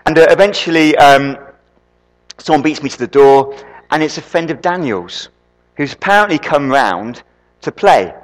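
A man preaching a sermon, an animated storyteller who throws quick asides to the congregation. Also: fairly high pitch. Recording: long reverb in a hall.

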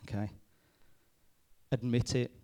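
A man, a youth pastor giving a lively talk to a youth group, checking in with them often. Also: mid-range voice, slow, clean tone. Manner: lively, addresses the group with frequent "okay?" checks. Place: room with a live youth audience.

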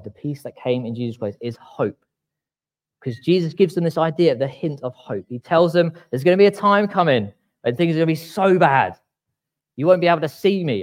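Guy preaching in a church, chatty and wry, average pitch, slows right down reading verses. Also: a little mellow. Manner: conversational, wry, slows down to read scripture aloud. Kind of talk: sermon.

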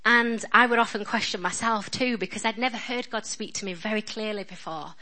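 A woman with a strong Northern English accent preaches in a chatty, earnest way, poking fun at herself as she goes. Her voice is bright and forward, sitting at an ordinary pitch for a woman. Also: fairly quick, poor audio. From England. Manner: chatty, self-deprecating and earnest. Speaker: guest speaker at a church. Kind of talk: sermon.

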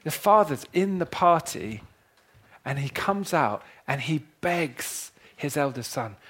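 A man preaching a sermon, retelling a parable in a dramatic way that swings from hushed to loud. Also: a little high, animated, takes it slowly, breathy edge. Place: church hall with a congregation.

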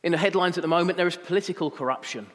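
A man delivers a sermon, swinging between fervent emphasis and hushed, slowed reflection. His voice sits a touch high. The church around him adds a long, lingering reverb. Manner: impassioned preaching, quieter and slower when reflective. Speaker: pastor.

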